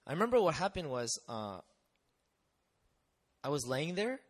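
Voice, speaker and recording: Speaking unhurriedly in a voice on the high side, a young missionary gives his personal testimony to a crowd. He keeps it animated and conversational, frequently tossing out rhetorical questions.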